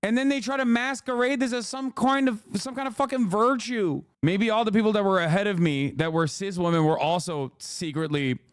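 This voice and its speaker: A man's voice: high-pitched, fairly quick, few pauses, clean tone, dry recording, clean studio sound. A man streaming live, reacting to clips with heated, profane ranting. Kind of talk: casual livestream commentary.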